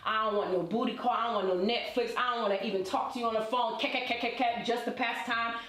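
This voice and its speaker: A woman in her thirties, an interview guest and relationship coach, telling her life story in a lively, colloquial way and talking straight to her listeners. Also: on the high side, fast talker. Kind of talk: personal storytelling in conversation. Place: indoor event space. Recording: roomy echo.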